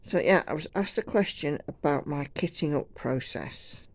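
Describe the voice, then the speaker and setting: A British cross-stitch vlogger chats casually at home while she stitches, rambling along in a self-deprecating way. Her voice sits low, and she talks at a moderate pace.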